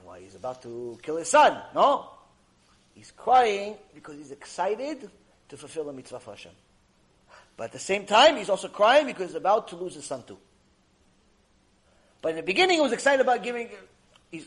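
Teaching Torah, a high-voiced rabbi recounts the story with dramatic flair, abruptly shifting from loud to soft and weaving in Hebrew religious vocabulary.

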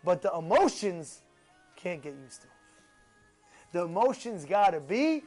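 A man teaching a Torah class, animated, acting out excited voices with gasps and rhetorical questions. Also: high voice, measured pace, long pauses, soft background music.

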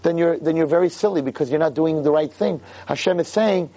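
A man's voice: on the high side, brisk, few pauses. A man teaching a Torah class as a rabbi, emphatic and full of rhetorical questions, acting out voices of people in the story. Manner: animated, emphatic, rhetorical questions, acts out dialogue.

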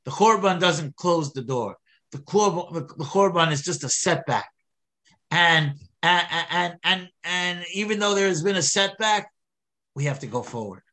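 A man giving an animated Torah lecture, full of restarts and repeated words. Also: high voice, measured pace. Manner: animated, many restarts, mixes Hebrew and English. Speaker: rabbi teaching Torah.

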